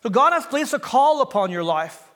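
A man's voice: very high-pitched, sing-song, moderate pace, fairly bright tone, long reverb tail. A male pastor preaching a sermon, retelling a story and asking his listeners questions, building toward emphatic exhortation. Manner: storytelling, asks the congregation questions. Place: church sanctuary.

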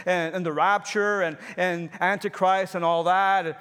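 High-voiced man preaching in a reverberant church. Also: steady tone, moderate pace, fairly bright tone, smooth. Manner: earnest, personal preaching with repeated phrases. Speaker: pastor. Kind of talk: sermon. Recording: long hall reverb.

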